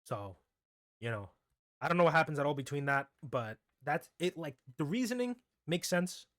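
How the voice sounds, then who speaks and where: An anime commentator, a man with a slightly high voice at normal speed, gives a casual, rambling review in a dry, studio-quality recording. He's excitable and grows more heated and incredulous as he goes.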